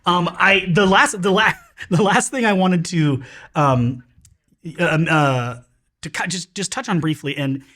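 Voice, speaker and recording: A man's voice: high-pitched, unhurried, bright, forceful tone. A man hosting a podcast, talking earnestly in casual chat, rambling with restarts and fillers. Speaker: podcast host.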